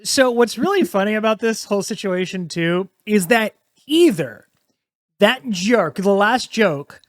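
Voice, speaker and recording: A man's voice: high-pitched, expressive, dry recording, studio quality. A man co-hosting a podcast, riffing jokingly in a casual chat. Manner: slow, joking riffs with laughter. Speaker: podcast co-host.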